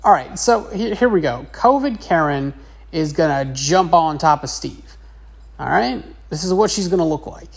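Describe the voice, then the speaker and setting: A woman's voice: deep voice, expressive, moderate pace, vocal fry, slightly rough. A woman teacher narrating a casual drawing lesson in a chatty, rambling way. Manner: chatty, rambling, with many fillers.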